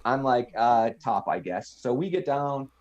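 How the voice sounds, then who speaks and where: A middle-pitched American man in his fifties, telling an old story on a podcast in relaxed, casual talk. He jumps into the voices of the people he quotes and then drops back into his own plain speaking voice. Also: measured pace, highs cut off. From United States. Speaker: podcast guest. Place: podcast studio.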